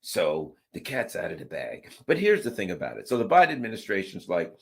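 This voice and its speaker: Animated man ranting with mocking put-on voices. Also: moderate pace, gravelly. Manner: mocking, does sarcastic put-on voices, jumps far up in pitch. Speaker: political commentator. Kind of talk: animated political rant.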